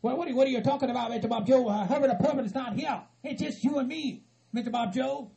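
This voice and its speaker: A man voicing a level-headed hillbilly friend who pleads patiently and tries to calm everyone down. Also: very high voice, fast talker, gravelly. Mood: pleading. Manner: patient, pleading, repeats "Mister Bob Joe". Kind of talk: hobby comedy skit acting.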